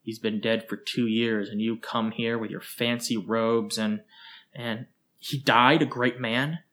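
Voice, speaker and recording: A man's voice: fairly low pitch, monotone, measured pace, lightly acted. A man voicing a bitter, exhausted woman who speaks in a slurred, sneering way. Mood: furious. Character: bitter, worn-out drunk woman, venomous.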